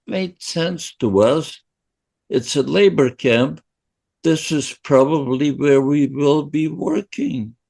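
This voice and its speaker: Very slow-spoken man in his nineties. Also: fairly high pitch, a little mellow. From Poland. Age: 90s. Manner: slow, halting, emotional, with restarts. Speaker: podcast guest, Holocaust survivor. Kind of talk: first-person testimony storytelling.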